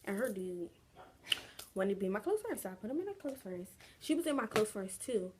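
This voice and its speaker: A woman's voice: mid-range voice, big pitch swings, a little fast, background noise. A young adult woman telling a casual storytime vlog, chatty and slangy, drawing the story out. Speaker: vlogger.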